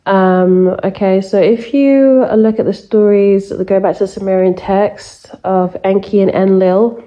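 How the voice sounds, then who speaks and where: A woman's voice: mid-range voice, steady tone, measured pace, highs cut off. A woman giving spiritual messages in a chatty, emphatic monologue full of fillers. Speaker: spiritual reader. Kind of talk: casual monologue to camera.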